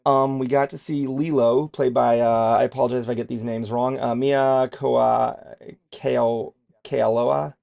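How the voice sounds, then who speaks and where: A man's voice: medium pitch, fairly even intonation, a little slow, creaky, dark tone. A man co-hosting a trailer reaction show in casual chat, rambling and self-deprecating and swearing freely as he goes.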